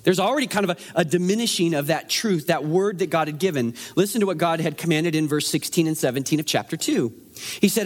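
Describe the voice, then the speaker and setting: A man preaching a sermon in a conversational, animated way, asking the room rhetorical questions. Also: fairly high pitch, fast. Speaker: pastor.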